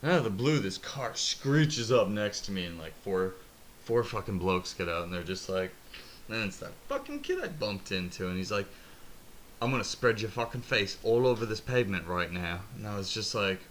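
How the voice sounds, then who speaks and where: A man's voice: fairly low pitch, big pitch swings, normal speed, a bit bright, slight background noise. Profane rambling young man storyteller. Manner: rambling and profane, laughing at his own story. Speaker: podcast host telling a story. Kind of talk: casual storytelling chat.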